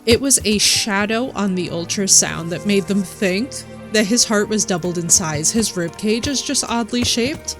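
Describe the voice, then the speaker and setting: Woman streamer, animated casual storyteller, loud game music underneath. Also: medium pitch, moderate pace, few pauses. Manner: animated storyteller, quotes people in her own voice. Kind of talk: casual chat while gaming.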